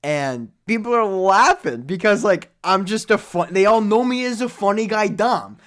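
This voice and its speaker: A young man cohosting a podcast, telling jokey stories in casual chat that drop to quiet mumbles and swing back up loud. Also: sits high, moderate pace. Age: young adult. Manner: animated storytelling, jokey, trails into mumbles. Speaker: podcast co-host.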